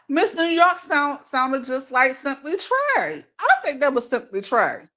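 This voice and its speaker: A woman with a Baltimore accent chats loosely with friends, reminiscing and pausing on fillers as she gathers her thoughts. Her voice sits fairly high. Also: sing-song, a bit bright. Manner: chatty, reminiscing, trails off with fillers. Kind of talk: casual group chat.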